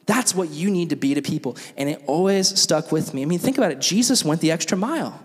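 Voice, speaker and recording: Lively young man preaching to youth. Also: fairly high pitch, fast, hardly any pauses, long reverb tail. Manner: animated storytelling with lots of acted quotes and "like". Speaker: youth pastor. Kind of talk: youth sermon.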